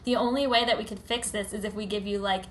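A woman's voice: medium pitch, steady tone, fast, slight background noise. A woman co-hosting a podcast, talking casually and leading the conversation with questions. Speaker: podcast co-host. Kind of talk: casual chat.

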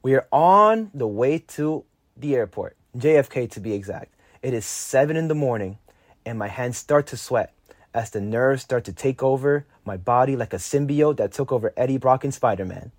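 A teenage boy reading a personal story aloud, lively and lifting his voice for his own quoted lines. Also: normal speed, dry recording, studio quality. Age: teens. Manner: lively, jumps higher when quoting his younger self. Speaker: narrator.

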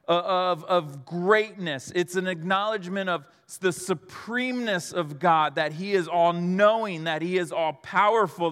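A man preaching a sermon in an earnest way, moving between hushed and emphatic delivery. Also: high-pitched, clean tone, long reverb tail.

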